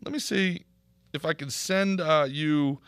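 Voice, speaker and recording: A man hosting a podcast, talking casually in an animated, opinionated way. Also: a little high, unhurried, clear, resonant tone, dry recording, clean studio sound. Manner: animated, opinionated ranting with laughs. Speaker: podcast host and comedian.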